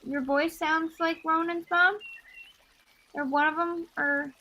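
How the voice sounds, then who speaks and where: A young woman playing a tabletop game, animated and rambling, with frequent swearing. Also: very high voice, slow pace. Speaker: player. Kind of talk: tabletop role-play.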